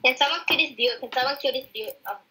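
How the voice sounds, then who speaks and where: A high, very bright voice of a woman gamer, talking casually through a match. She grumbles about teammates and slips into playful, mock-formal phrasing. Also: fast, rough recording. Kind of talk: casual gaming chat.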